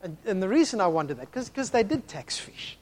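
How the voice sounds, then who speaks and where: Animated high-voiced preacher. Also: male voice, brisk. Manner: animated, swings from hushed to loud, acts out voices. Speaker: pastor. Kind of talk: sermon.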